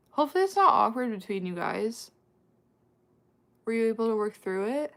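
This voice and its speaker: A woman hosting a casual livestream, chatting with her viewers, laughing often and tossing out quick asides. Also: medium pitch, animated, vocal fry, a bit bright. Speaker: livestream host answering chat.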